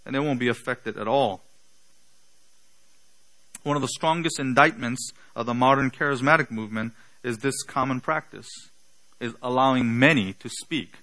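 Slow and deliberate, a male pastor with a slight non-native accent fires off emphatic rhetorical questions in his sermon. His mid-range voice is a bit bright, and the recording is rough.

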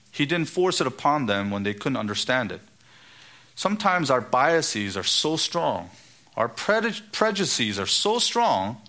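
A middle-aged man preaching a sermon, getting emphatic and rising in pitch on key points. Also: bright, forceful tone. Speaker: pastor.

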